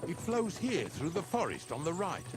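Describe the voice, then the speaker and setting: Brief: a blunt, folksy carcass hauler; wildly swinging pitch, noisy game audio. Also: male voice, huge pitch swings, normal speed. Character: coarse, joking male knacker who hauls dead animals. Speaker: game character. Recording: game audio with loud ambient noise.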